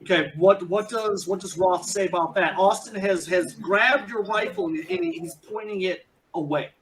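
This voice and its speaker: A man's voice: high voice, lively intonation, a bit bright. A man running a tabletop game as game master, restarting his sentences often. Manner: restarts often, rapid asides.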